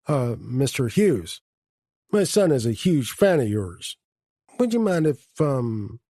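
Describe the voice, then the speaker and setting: A man's voice: mid-range voice, sing-song, a little slow, breathy edge, no echo, clean studio sound, pitched above the performer's own voice. A man voicing an awkward, sheepish male police officer who hesitates.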